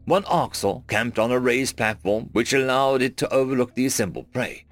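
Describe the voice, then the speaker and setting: A man narrating a first-person science fiction story in a measured storytelling manner. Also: mid-range voice, dry recording. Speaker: audiobook narrator. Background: faint background music.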